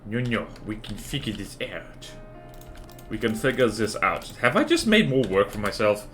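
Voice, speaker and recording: A man's voice: on the low side, normal speed, faint music behind. A man streaming a game, giving casual, joking commentary and talking to himself. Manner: animated, jokey self-talk.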